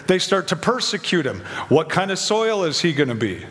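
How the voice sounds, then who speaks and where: A man's voice: high voice, very animated, normal speed, a bit bright, long reverb tail. A man preaching a conversational sermon, asking his listeners questions and briefly acting out the voices of the people in his story. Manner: conversational, acts out quoted voices, asks questions.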